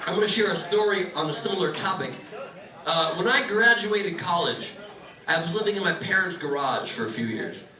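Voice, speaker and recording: A young man telling a stand-up story on a club stage, animated and building to loud punchlines. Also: a little high, noisy background. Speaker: stand-up comedian. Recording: echoey club from a distant mic, loud crowd. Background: audience laughter.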